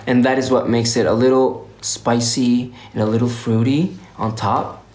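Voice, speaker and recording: A man's voice: medium pitch, flat delivery, normal speed, a little mellow. A young man from Sweden, hosting a casual livestream and chatting playfully with viewers while tired. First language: Swedish. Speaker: livestream host. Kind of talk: casual livestream chat reading viewer comments. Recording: roomy echo.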